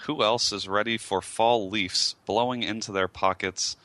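A man co-hosting a podcast, speaking in a slow, deliberate, dry way. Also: fairly low pitch, steady tone, bright, forceful tone, dry recording. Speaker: podcast co-host. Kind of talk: casual chat.

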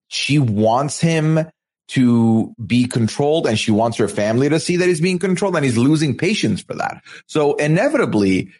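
A man co-hosting a podcast, chatting casually while recapping a reality show, with halting restarts and quotes he acts out. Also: mid-range voice, a little mellow. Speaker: podcast co-host.

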